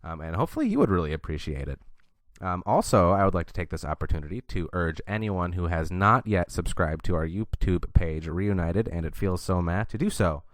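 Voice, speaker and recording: A man's voice: low voice, animated, a little fast, no echo, clean studio sound. A young man co-hosting a casual podcast, joking and plugging the show. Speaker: podcast co-host.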